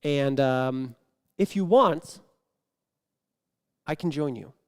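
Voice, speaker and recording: An improv performer on a conference stage spins a made-up comic tale for the audience, voicing each character and dropping abruptly into whispers. He talks slowly in a mid-range voice with a clean tone.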